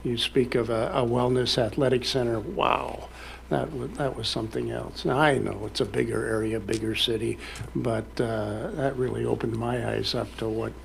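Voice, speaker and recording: A man's voice: mid-range voice, steady tone, normal speed, gravelly, a little hiss or hum. A man speaking at a city council meeting in a folksy, rambling way, full of fillers and restarts.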